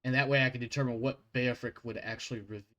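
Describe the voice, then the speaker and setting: A man's voice: medium pitch, steady tone, fast, pushed and bright. A man running a tabletop game as game master, narrating casually and rambling. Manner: casual, rambling, self-deprecating.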